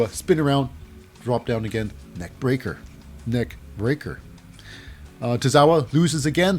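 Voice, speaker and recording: A man's voice: medium pitch, darkish tone. A man casually recapping a wrestling show in a rambling, chatty way with many fillers.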